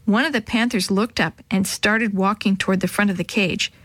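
A woman reading a children's story aloud in a clear, even narration. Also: medium pitch, moderate pace, no room sound. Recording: dry close sound.

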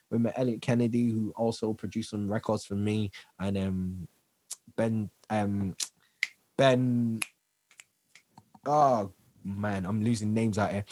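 A man guest on a podcast, telling lively stories, acting out what people said and laughing often. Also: medium pitch, dry recording. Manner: animated storyteller who acts out quotes and laughs often. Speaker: guest, dancer, singer and actor. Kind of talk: casual interview chat.

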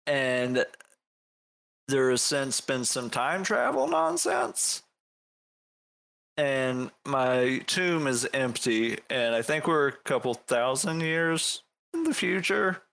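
A man plays his character in a tabletop game and speaks in a halting, wry way. He talks slowly at a middle pitch with frequent pauses. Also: sing-song, gravelly, a bit bright. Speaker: player.

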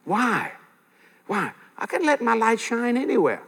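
An older man preaching a sermon, telling stories in a lively way with frequent chuckles and repeating his key points. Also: extremely high pitch, measured pace, creaky. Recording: long hall reverb.

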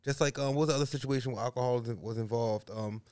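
A man's voice: medium pitch, fast talker, darkish tone, clear, resonant tone, dry recording. A man co-hosting a casual podcast chat, laughing often and asking playful questions. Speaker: podcast co-host.

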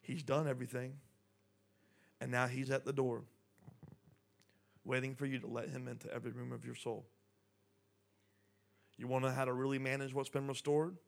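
A man preaching a sermon, talking conversationally, dropping soft and then building up. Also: medium pitch, creaky. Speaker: pastor.

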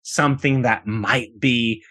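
A podcast co-host with a mid-range voice chats casually about a film in a dry recording, speaking slowly. He's animated and emphatic, often repeating words as he gets worked up.

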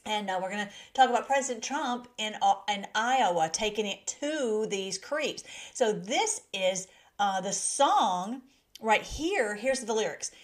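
A woman's voice: medium pitch, lively intonation, a little slow. A woman hosting a casual live stream from her laptop, emotional and giggly as she greets her chat. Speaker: livestream host. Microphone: laptop mic.

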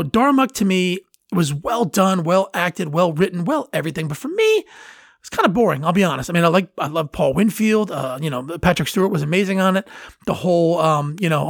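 A man's voice: sits high, vocal fry, no room sound, studio quality. A man hosting a podcast on his own, talking casually and rambling with fillers and restarts. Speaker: podcast host. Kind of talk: casual solo podcast talk.

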